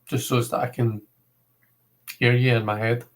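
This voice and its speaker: A man's voice: mid-range voice, level tone, moderate pace, rough recording. Chatty Scottish man streaming live. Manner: rambling, chatty, many filler words. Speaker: livestream host. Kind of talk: casual livestream chat.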